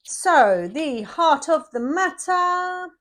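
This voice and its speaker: A woman's voice: very high-pitched, animated, very slow, fairly bright tone. A middle-aged woman, giving a casual, chatty tarot reading full of jokes and exclamations. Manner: chatty, jokey, frequent exclamations. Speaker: tarot reader.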